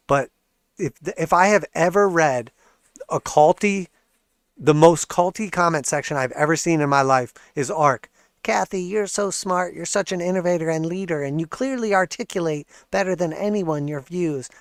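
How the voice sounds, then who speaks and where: A man's voice: fairly high pitch, fairly bright tone, no echo, clean studio sound. A man hosting a livestream about markets, ranting sarcastically and swearing, often laughing. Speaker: livestream host and market analyst.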